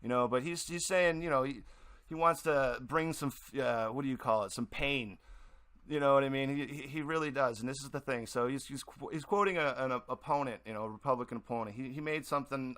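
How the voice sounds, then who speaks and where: A man's voice: medium pitch, brisk, bright, forceful tone. A man from the Boston area hosting a radio show, talking in a rambling, heated monologue with many restarts. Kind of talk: casual opinion monologue.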